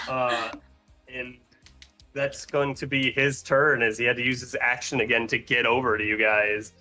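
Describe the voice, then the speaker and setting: A man's voice: mid-range voice, little pitch movement, moderate pace, sharp tone, faint music behind. A man narrating as game master, rambling with fillers and restarts. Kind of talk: narrating a tabletop game over a call.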